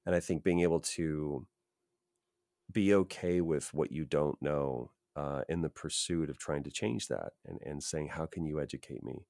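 A man's voice: extremely low pitch, unhurried, a little mellow, no echo, studio quality. A man, a voice actor and podcast guest, talking earnestly and reflectively as he gives advice. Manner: earnest, emphatic, advice-giving. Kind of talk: reflective interview talk.

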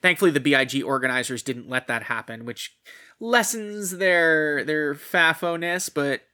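A man's voice: on the high side, expressive, moderate pace, bright, forceful tone. A man co-hosting a casual gaming news podcast, profane and punchy, reading stories and quotes aloud. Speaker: podcast co-host.

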